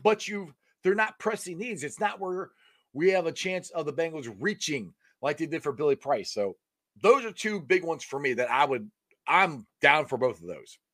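A man hosting a casual sports talk show, excitable, laughing often and tripping over his words. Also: fairly high pitch, moderate pace. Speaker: sports podcast host.

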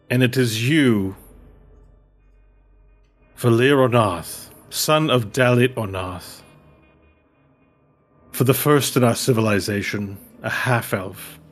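A man voicing a solemn elf council leader making a formal proclamation, raised above his usual pitch. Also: breathy edge.

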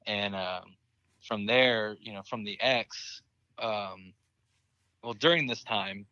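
A man's voice: lowish voice, takes it slowly, pushed and bright, no echo, highs cut off. A young man, a military veteran, candidly telling a war story in casual conversation, swearing freely and laughing at grim moments. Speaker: interview guest, military veteran.

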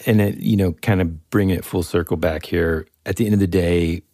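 A young man co-hosting a casual podcast chat, rambling and animated, with lots of fillers. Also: deep voice, brisk, no echo, studio quality. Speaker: podcast co-host.

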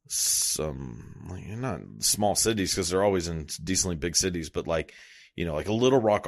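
A young man talking in a loose, rambling monologue, swearing a lot and laughing at himself. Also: low voice. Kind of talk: casual profane monologue.

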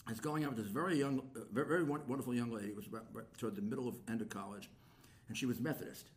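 A man's voice: medium pitch, racing, slight background noise. An older man, a guest in a casual chat, telling family stories and acting out his relatives' voices. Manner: animated storyteller, acts out relatives' voices. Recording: roomy room echo.

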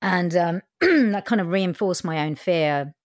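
A woman's voice: fairly low pitch, animated, slow, no echo, clean studio sound. A woman from England, telling her own story frankly in an interview, with plenty of fillers and the odd swear word. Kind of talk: candid personal storytelling.

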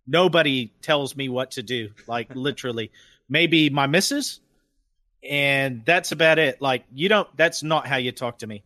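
A man on a casual podcast telling a profane, animated story about his past, with lots of restarts and swearing, in a studio. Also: a little high, normal speed, dry recording. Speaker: podcast guest. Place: radio studio. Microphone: studio microphone.

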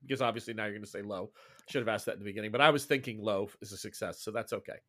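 A man's voice: on the low side, rapid-fire, fairly bright tone. A man running a tabletop game as game master, narrating in loose, rambling sentences.

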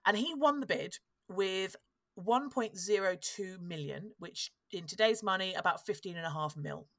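A woman's voice: medium pitch, normal speed, dry recording. Woman chatting away on a podcast, wry, keeps restarting sentences, dry close sound. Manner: chatty, wry, self-interrupting. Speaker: podcast host. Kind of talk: casual storytelling chat.

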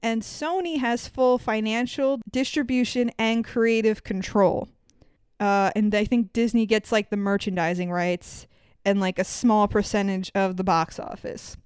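A woman's voice: medium pitch, unhurried, clean tone, no echo. A woman co-hosting a podcast, chatting casually and swearing freely as she tells a story with mocking quoted voices. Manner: profane, animated storytelling with mock quotes. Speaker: podcast co-host. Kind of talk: casual chat.

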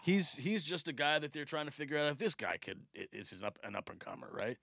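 A man telling a story in casual podcast talk, profane and animated, laughing often. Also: a little high, quick pace, gravelly, no room sound, clean studio sound. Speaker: podcast guest.

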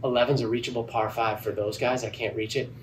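A man, a golf club head pro, telling a lively story in a podcast interview and acting out the dialogue. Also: mid-range voice, quick pace. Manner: animated, acts out quoted dialogue. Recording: distant mic with faint background noise.

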